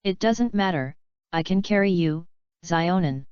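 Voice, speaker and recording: A woman reading the part of a calm, gentle young ninja leader, speaking in a fairly low, very clear and smooth voice. The recording is dry and a bit dull. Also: measured pace, dry recording, lightly acted.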